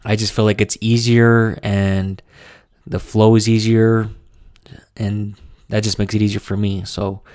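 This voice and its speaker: A young man speaks slowly in a low, smooth voice that barely rises or falls, as he gives a casual vlog update on his businesses. He pauses, backtracks and repeats himself as he works out his words, and the recording is close and dry. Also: no room sound. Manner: slow, halting delivery with frequent restarts and fillers. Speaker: small business owner vlogging.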